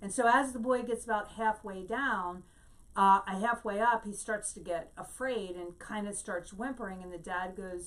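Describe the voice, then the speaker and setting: A woman giving a Bible teaching, explaining Hebrew words slowly and telling a story to make her point. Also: medium pitch, a bit bright, distant mic.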